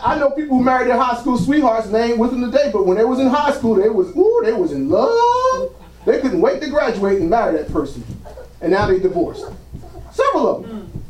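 A man with a very high, animated, slightly mellow voice delivers a sermon at a moderate pace, pausing often. The distant mic catches the roomy church sanctuary as his "praise God" lines draw amens from the congregation.

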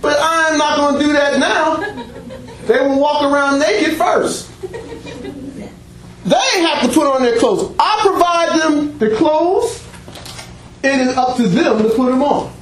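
A man preaching a sermon, animated, breaking into shouts and laughter and acting out little dialogues for the congregation. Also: very high-pitched, unhurried, long pauses. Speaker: pastor. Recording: very echoey room, faint background noise.

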